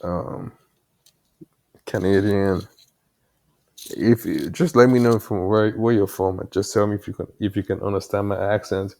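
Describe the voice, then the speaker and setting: A developer vlogger with an African accent rambles casually to himself while coding late at night, full of fillers and mild cursing. His voice is fairly low, gravelly and darkish, with a steady tone, an unhurried pace and frequent pauses. The headset mic sits far from his mouth.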